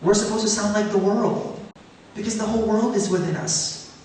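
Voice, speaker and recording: A man speaking onstage at a public event, earnest and animated, his voice rising on questions. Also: high-pitched, normal speed, slight background noise. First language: Tagalog. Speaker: guest speaker. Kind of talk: onstage conversation. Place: high school auditorium. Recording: echoey hall from far off.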